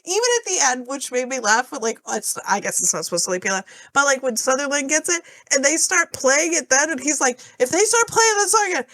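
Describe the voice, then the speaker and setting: A woman co-hosting a casual podcast chat, giggly and a little hesitant in her phrasing. Her voice sits high, recorded close and dry. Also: animated, a little fast, hardly any pauses, fairly bright tone, no room sound. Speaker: podcast co-host.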